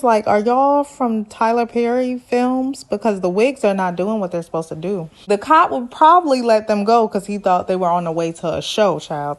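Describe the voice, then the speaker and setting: A woman recapping a reality show in a casual, sassy, teasing way, with lively asides. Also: mid-range voice. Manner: sassy, animated, playful teasing.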